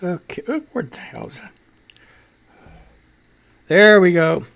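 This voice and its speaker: A gravelly-voiced man hosts a live radio show, a little out of breath. His talk swings high and low with lively energy, loud, profane and full of rambling asides. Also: slow.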